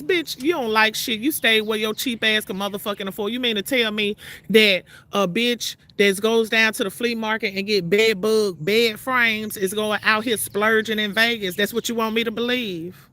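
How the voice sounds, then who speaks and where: A woman's voice: medium pitch, moderate pace, pushed and bright. A woman from Mississippi, ranting outdoors to her viewers in a brash, profane, confrontational way. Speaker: vlogger. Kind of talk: ranting call-out vlog to viewers. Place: outdoors outside her trailer.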